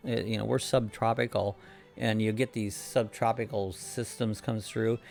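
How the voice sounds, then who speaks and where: A man's voice: lowish voice, flat delivery, moderate pace, gravelly, darkish tone, faint music behind. A man hosting a casual live-stream chat from his home, rambling along and reading out viewer comments and greetings.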